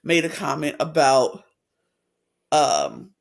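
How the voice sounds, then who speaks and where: A man co-hosting a podcast, chatting casually as he recaps a reality show and acts out quotes in lively voices. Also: slow, vocal fry. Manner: animated retelling, acts out quotes with big pitch swings. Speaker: podcast co-host.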